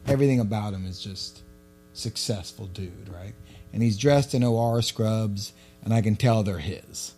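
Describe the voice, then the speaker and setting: A man, co-hosting a podcast and telling a story in casual chat. He swears freely and gets loud and animated. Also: lowish voice, normal speed, faint music behind. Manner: profane, animated storyteller who shouts when quoting himself. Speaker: podcast co-host.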